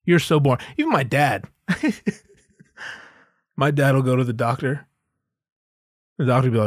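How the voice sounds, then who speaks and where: A man's voice: medium pitch, moderate pace, long pauses, no room sound, clean studio sound. A man hosting a podcast, delivering a sarcastic, profane comedic rant. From United States. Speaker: podcast host.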